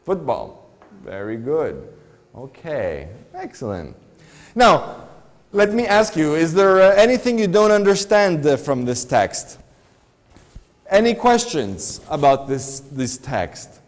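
A man's voice: fairly high pitch, sing-song, slow, big-room sound. A man teaching an English lesson in a school classroom, patiently asking the class one question after another. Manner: patient, asks many questions.

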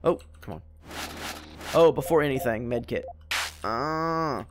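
A man's voice: mid-range voice, unhurried, background noise. A man giving let's play commentary, swearing and yelping in frustration as he plays. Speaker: gameplay commentator.

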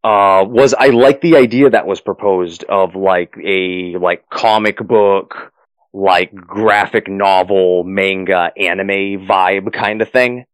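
A man's voice: low voice, fairly even intonation, slow pace, dry recording, rough recording. A man running a tabletop game as game master, narrating the finale and then chatting loosely with many fillers and restarts.

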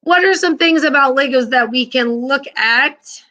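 A woman's voice: high voice, unhurried, bright, forceful tone. A woman teacher leading an online class, upbeat and encouraging with her students.

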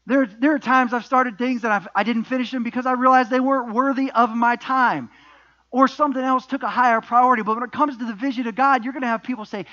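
A man's voice: very high-pitched, quick pace, bright, forceful tone, muffled recording. A middle-aged man preaching a sermon as pastor, emphatic, with repeated refrains and rhetorical questions.

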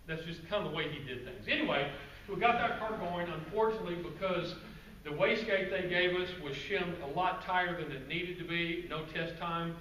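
A man giving a guest-speaker presentation to a club audience, telling stories in a relaxed, conversational way with asides to the crowd. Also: sits high, normal speed, few pauses. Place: meeting room with an audience. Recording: roomy, distant, faint background noise.

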